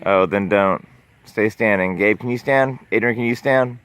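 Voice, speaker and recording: A man's voice: lowish voice, moderate pace, fairly bright tone. A man filming his kids on an outdoor hike, giving playful, jokey instructions. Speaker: parent filming a family hike. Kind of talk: casual family chat. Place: outdoors on a rural trail.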